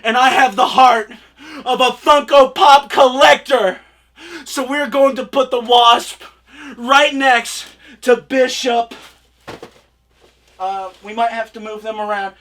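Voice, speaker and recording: Overwrought bright-voiced reviewer, tearful shouting. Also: medium pitch, steady tone, takes it slowly, long pauses. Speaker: reviewer hosting own channel. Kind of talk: comedic over-the-top product review.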